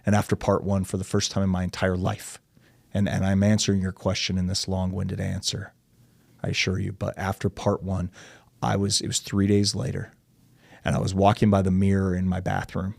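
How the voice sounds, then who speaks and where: An American man, a podcast guest, speaks low and monotone at normal speed, with a creaky, slightly mellow voice. The recording is studio quality with no echo. He tells a long, candid personal story, acting out the dialogue and saying "dude" and "like."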